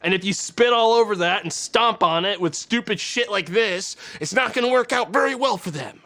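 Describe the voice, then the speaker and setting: A man's voice: high voice, expressive, moderate pace, sharp tone. A man streaming live, ranting with exasperation and heavy swearing to his chat. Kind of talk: angry live-stream rant.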